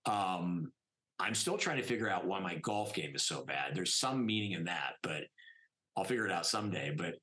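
A man's voice: sits low, lively intonation, moderate pace, sharp tone, rough recording. A middle-aged man, a plastic surgeon guest on a podcast, telling stories casually and emphatically with many "I mean" fillers. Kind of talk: casual storytelling interview.

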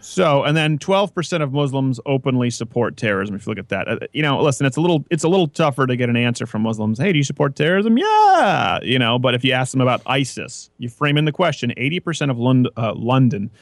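A man's voice: mid-range voice, fast, few pauses, no echo, clean studio sound. A man hosting a casual talk show, rambling and joking as he tells stories. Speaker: podcast host. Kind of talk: casual chat.

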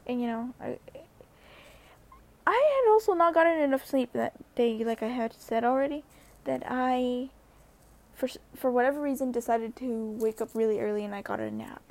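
Young woman, high pitch, casual rambling vlog storyteller. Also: sing-song, moderate pace, darkish tone. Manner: chatty, rambling, with many fillers and restarts. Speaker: vlogger.

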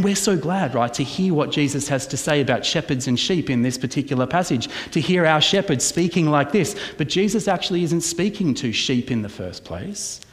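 Pastor preaching in a reverberant hall. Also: male voice, mid-range voice. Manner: animated preaching with rhetorical questions, soft at times. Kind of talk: sermon. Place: church hall. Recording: long reverb of a church hall.

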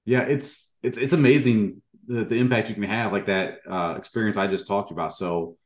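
A man with a low voice talks earnestly and a bit ramblingly, leaning on plenty of fillers as he hosts a casual interview. His voice rings with roomy echo. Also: normal speed.

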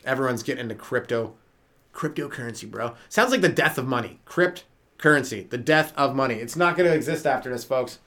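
A man's voice: mid-range voice, expressive, a little fast, bright, forceful tone. A young man hosting a comedy podcast, rambling through profane bits and slipping into mock voices. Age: young adult. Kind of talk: rambling stand-up style monologue.

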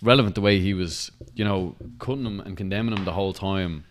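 A man chatting as a podcast guest, eager and repeating himself in quick bursts. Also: low voice, slight background noise. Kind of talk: casual chat.

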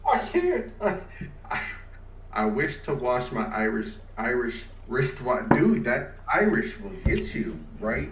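A man's voice: medium pitch, huge pitch swings, slow pace. A man co-hosting a podcast, chatting casually, giggling and tripping over tongue twisters. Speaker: podcast co-host. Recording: roomy echo with clear background noise.

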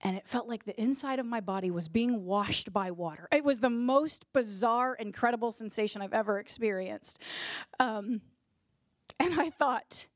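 A woman's voice: on the high side, animated, normal speed, no echo, studio quality. A woman and regular co-host giving a casual personal faith testimony, telling it earnestly and vividly with fillers.

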